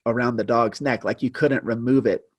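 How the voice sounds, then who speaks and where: Animated man telling a story, dry sound. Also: medium pitch, dry recording. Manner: animated storytelling, pace speeding up and slowing for effect; self-deprecating, chuckling. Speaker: guest storyteller. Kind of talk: casual storytelling interview.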